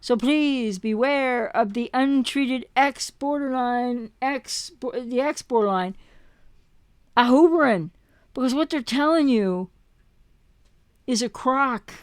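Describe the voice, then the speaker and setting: Her voice sits high and she takes it slowly, with a clear, resonant tone. As a relationship recovery coach, she speaks passionately to camera, posing rhetorical questions and repeating words to drive points home. The studio sound is clean, with no room sound.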